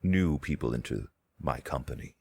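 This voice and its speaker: A man's voice: extremely low pitch, lively intonation, normal speed, vocal fry, a little mellow, husky. A man playing his character in a tabletop game, speaking in a formal, old-fashioned way. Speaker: player. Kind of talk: in-character tabletop role-play.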